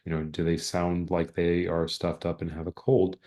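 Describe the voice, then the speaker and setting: A man's voice: low voice, level tone, moderate pace, mellow. A man presenting an exam-prep online lecture over a video call, explaining in a conversational way and saying example sentences aloud.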